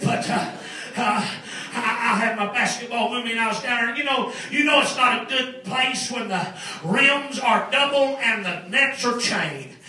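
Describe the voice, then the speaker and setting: A middle-aged man preaching a sermon as a story, exuberant, laughing often and breaking into shouted praise. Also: very high voice, normal speed, few pauses, slight background noise. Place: large church hall. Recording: echoey church, distant mic, congregation. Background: congregation responding.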